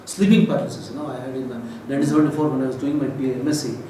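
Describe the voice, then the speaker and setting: A man's voice: medium pitch, fairly even intonation, racing, warm tone. A man in his seventies with an Indian English accent, giving a rambling, emotional lecture full of fillers. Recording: roomy echo, voice from a distance, faint noise.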